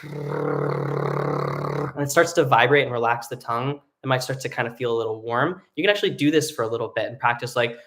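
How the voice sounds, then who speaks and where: A man's voice: mid-range voice, steady tone, fairly quick, slight background noise. A young adult man teaching a live online singing lesson, explaining casually with lots of fillers and sung vocal demonstrations.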